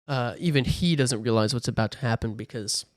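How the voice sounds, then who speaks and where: Man recapping a film, animated, mid pitch, dry close recording. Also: dry recording. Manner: animated, acts out characters in quick voices. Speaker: podcast co-host. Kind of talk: casual movie recap chat.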